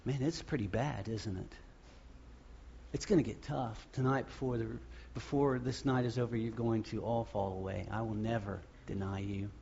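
A man preaching a sermon as pastor, acting out the crowd's shouts and the quoted words. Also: on the low side, fairly even intonation, moderate pace, vocal fry, highs cut off, slight background noise.

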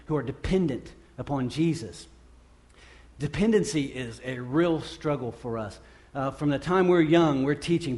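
Earnest man preaching, slightly high voice. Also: a little mellow. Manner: earnest and conversational, repeats phrases for emphasis. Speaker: pastor. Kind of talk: sermon.

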